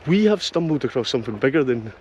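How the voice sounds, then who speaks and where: Excitable Scottish man vlogging outdoors. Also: medium pitch, quick pace, lo-fi sound. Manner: excitable, jokey, narrating as he walks. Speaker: vlogger host. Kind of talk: casual handheld travel vlog. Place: outdoors at a campsite festival. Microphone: handheld camera. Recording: outdoor camera audio with steady noise.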